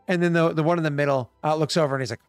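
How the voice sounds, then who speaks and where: A man's voice: fairly high pitch, steady tone, smooth, no room sound, soft background music. Male game master, rambling and full of fillers, worn-out voice, dry recording. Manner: rambling, halting, lots of fillers. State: voice worn from work. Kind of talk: narrating a tabletop game.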